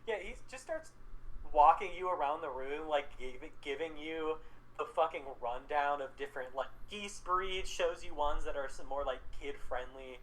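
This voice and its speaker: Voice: medium pitch, normal speed, a bit bright, low-quality recording. A game master narrating a tabletop game in a loose, rambling way, with lots of fillers and swearing.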